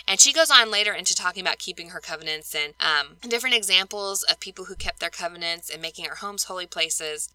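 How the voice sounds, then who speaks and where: A woman hosting a podcast, chatting casually about scripture study, animated and laughing often as she acts out her own thoughts. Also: on the low side, clear, resonant tone, no room sound, poor audio. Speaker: podcast host.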